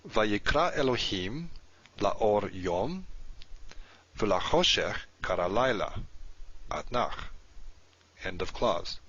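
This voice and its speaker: A man teaching a recorded lesson, patient and explanatory, slowing down to spell out each word. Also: fairly low pitch, sharp tone, husky. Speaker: Hebrew teacher. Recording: dull lo-fi recording.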